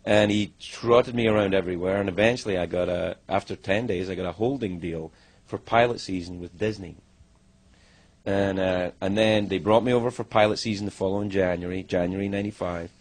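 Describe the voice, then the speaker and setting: A middle-aged man telling career stories as an interview guest, animated and profane, acting out what others said. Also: sits low, a little fast. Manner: animated, profane, acts out other people's lines. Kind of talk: candid storytelling interview.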